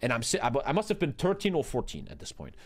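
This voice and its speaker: A man, telling a story in an animated, profane, emphatic way. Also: medium pitch, fast. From Germany. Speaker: streamer host.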